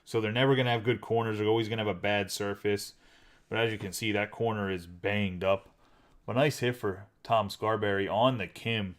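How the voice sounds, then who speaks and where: A man's voice: lowish voice, steady tone. Chatty man hosting a card break. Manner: chatty, rattles off names quickly. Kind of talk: casual live card-break commentary.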